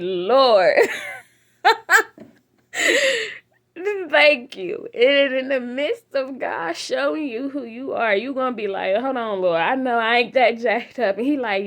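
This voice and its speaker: A woman giving a casual faith talk to her phone camera, animated and swinging from loud laughter to hushed near-whispers. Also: fairly high pitch, measured pace. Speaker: vlogger.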